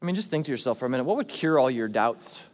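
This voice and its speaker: A man's voice: mid-range voice, very animated, racing, big-room sound. A male pastor preaching a sermon in a church, talking conversationally and then pressing hard on key points. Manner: conversational, emphatic preaching with big swings in loudness.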